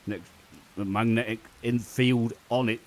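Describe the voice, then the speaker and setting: A man's voice: mid-range voice, steady tone, measured pace, a little mellow. A young man giving casual, rambling commentary on his gameplay, joking and swearing freely, into a desk microphone. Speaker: gaming video host. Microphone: desk microphone on a magnetic mount.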